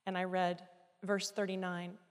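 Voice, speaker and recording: A woman giving a sermon, telling a personal story with dramatic, emotional swings between quiet reflection and loud pleading. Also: on the low side, flat delivery, a little slow, clean tone. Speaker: guest speaker. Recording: reverberant hall.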